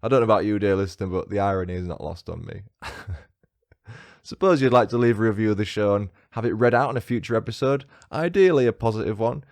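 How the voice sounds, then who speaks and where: Cheeky northern English podcast host. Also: male voice, lowish voice, fast, darkish tone, no room sound, studio quality. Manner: cheeky, banter-loving, self-mocking. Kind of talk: scripted true-crime podcast narration.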